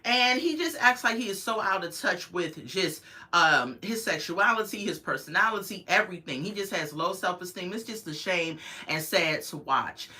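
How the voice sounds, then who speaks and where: Chatty woman with a bright, forceful voice. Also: fairly low pitch, lively intonation, normal speed, few pauses. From United States. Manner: chatty, opinionated, talks to viewers in chat. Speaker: reality show reviewer hosting a livestream. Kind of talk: casual livestream review.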